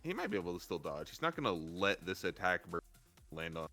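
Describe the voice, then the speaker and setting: Low-voiced man thinking aloud over rules. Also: sing-song, a little fast, bright, forceful tone, faint music behind. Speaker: player. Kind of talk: tabletop game chat.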